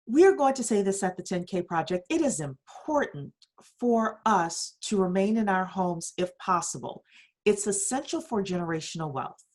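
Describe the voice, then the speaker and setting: A woman hosting a daily economic news podcast, reading stories with emphatic rhetorical questions. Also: medium pitch. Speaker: podcast host.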